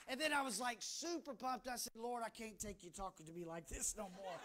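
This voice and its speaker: A pastor preaching a fervent sermon from a church pulpit, swinging from shouting to hushed talk. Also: male voice, high-pitched, normal speed, few pauses, slight background noise.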